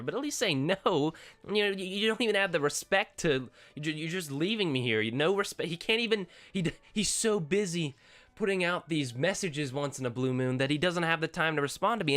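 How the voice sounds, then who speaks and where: A man's voice: on the high side, sharp tone. A teenage boy ranting as a gaming YouTuber, exasperated and sarcastic, rambling with restarts. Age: teens. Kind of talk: ranting vlog commentary.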